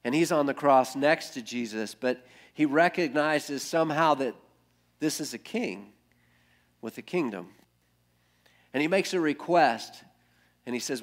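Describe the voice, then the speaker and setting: A male pastor preaching an earnest sermon that builds through repeated phrases and often drops to a hush. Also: mid-range voice, measured pace, long pauses.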